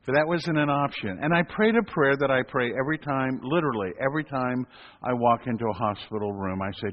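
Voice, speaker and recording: A man, a hospital chaplain, telling a story in an animated storytelling sermon and acting out voices. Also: mid-range voice, brisk. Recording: echoey hall, dull lo-fi sound.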